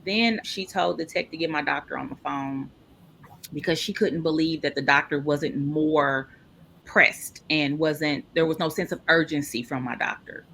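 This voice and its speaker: A woman recounts her own story in a lower, bright and forceful voice. She is lively and jumps up in pitch to act out what other people said. A faint hiss sits under the recording. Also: normal speed, vocal fry. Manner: animated, acts out quoted people with big pitch jumps. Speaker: podcast guest. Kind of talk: personal storytelling interview.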